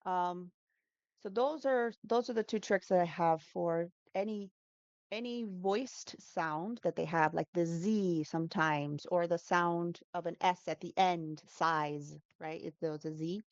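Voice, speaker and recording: A woman's voice: on the low side, a little slow, darkish tone, no echo, muffled recording. A woman who teaches English, talking through pronunciation tips in a casual interview, explaining patiently and demonstrating sounds with frequent fillers.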